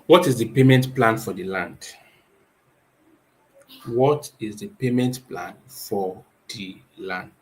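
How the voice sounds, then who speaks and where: A man's voice: fairly low pitch, slight background noise, low-quality recording. Nigerian man, emphatic advice talk. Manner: emphatic, asks rhetorical questions and answers them himself. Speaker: real estate company owner.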